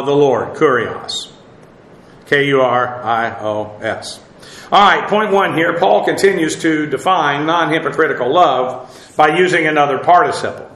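A man preaching a verse-by-verse lesson in a bright, fairly high voice. He talks slowly and haltingly, with frequent pauses and filler sounds, and spells out Greek terms letter by letter. The sound rings around an echoey church hall. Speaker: pastor. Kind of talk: expository Bible teaching.

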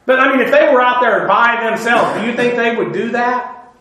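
High-voiced man preaching in a very echoey room. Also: moderate pace, pushed and bright. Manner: informal, with filler "uh"s and dry sarcastic asides. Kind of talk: conversational Bible-teaching sermon.

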